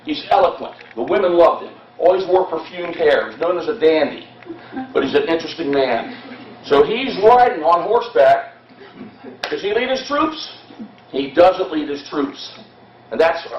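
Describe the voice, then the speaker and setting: A man's voice: fairly high pitch, animated, normal speed, slight background noise. A man giving an impassioned, dramatic history talk to an audience, telling the story with shifting pace. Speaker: history presenter. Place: hall at a historical society event. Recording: echoey hall, distant, dull lo-fi.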